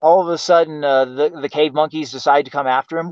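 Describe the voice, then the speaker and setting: A man with a fairly high voice rants in exasperation, swearing constantly and demanding why over and over. The sound is dry and close, with the dull lo-fi tone of a home stream. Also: fairly even intonation, fast talker, darkish tone, no echo. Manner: profane, exasperated, repeatedly asking why. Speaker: livestream host. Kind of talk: ranting commentary. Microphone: home streaming mic.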